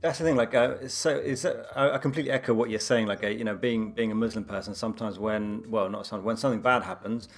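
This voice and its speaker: A man telling personal stories in a casual conversation, animated and full of fillers like "you know". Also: on the low side, gravelly. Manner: fast, animated storytelling with many fillers.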